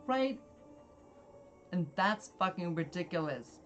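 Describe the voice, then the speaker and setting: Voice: mid-range voice, expressive, slow pace, dull audio, a little hiss or hum. A person in their thirties giving casual gameplay commentary, blunt and forward, self-described as socially awkward, who laughs often. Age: 30s. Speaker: let's play gamer.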